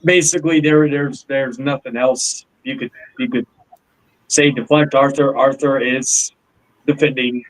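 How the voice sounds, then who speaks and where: A man's voice: medium pitch, steady tone, measured pace, low-quality recording. A man hosting a livestream call, pressing pointed questions while stumbling over and repeating his words. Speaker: livestream host. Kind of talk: heated livestream call discussion.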